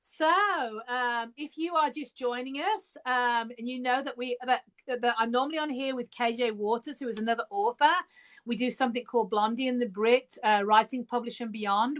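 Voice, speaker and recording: A woman's voice: fairly high pitch, a bit bright. A British woman hosting a live interview over a video call, chatty and bubbly, laughing often and sometimes trailing off mid-sentence. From England. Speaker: podcast host.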